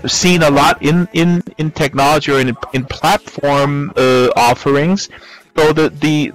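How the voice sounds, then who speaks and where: A man's voice: a little high, low-quality recording. A man hosting a live-stream talk show, joking and rambling with many restarts. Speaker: show host. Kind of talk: casual live-stream chat.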